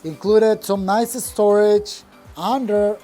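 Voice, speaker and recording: Upbeat contractor touring a backyard. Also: male voice, sits high, steady tone, slow, mellow, faint music behind. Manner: upbeat, plainspoken, proud of the work. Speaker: landscaping contractor. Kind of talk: casual project walkthrough. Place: outdoors in a backyard patio.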